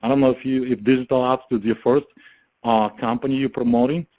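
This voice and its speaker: A man giving a casual motivational pitch as a network marketing promoter, chatty, laughing often and filling his talk with "you know" and "right?". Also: steady tone, fairly quick, dark tone, low-quality recording. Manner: chatty, laughs often, many fillers and tag questions.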